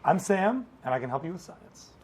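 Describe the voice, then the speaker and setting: A man's voice: sits high, very animated, normal speed, darkish tone, slightly rough. A man who teaches science, co-hosting a live call-in homework show with a playful, jokey manner.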